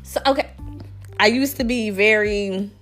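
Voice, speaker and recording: A woman's voice: medium pitch, unhurried, fairly bright tone, soft background music. A woman hosting a podcast in candid casual chat. She is blunt and frank, speaks her mind and laughs often. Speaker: podcast host.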